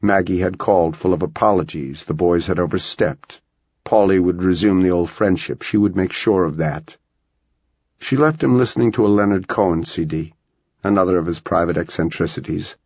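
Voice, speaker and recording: Low, gravelly male audiobook narrator. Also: normal speed, darkish tone, no echo. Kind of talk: scripted narration. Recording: dull lo-fi dry recording.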